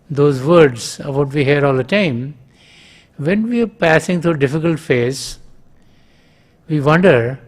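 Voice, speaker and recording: A man giving a spiritual talk as a teacher, measured, pausing often with soft fillers. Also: a little high. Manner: measured, with frequent pauses and fillers.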